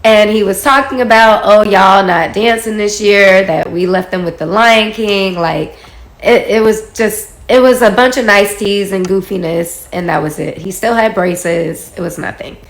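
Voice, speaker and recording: A woman's voice: medium pitch, moderate pace. Chatty woman in her forties, echoey room. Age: 40s. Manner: chatty, acts out quoted dialogue. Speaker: storyteller in a social media video. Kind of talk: casual personal storytelling.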